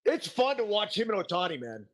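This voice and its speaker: A man hosting a casual sports chat, excitable and saying "dude" a lot. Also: high-pitched, fairly quick. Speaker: podcast host.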